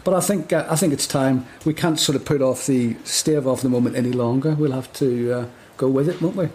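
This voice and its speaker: A man's voice: mid-range voice, fairly quick, darkish tone, a little hiss or hum. A man co-hosting a casual podcast chat, jokey and often laughing. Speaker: podcast co-host.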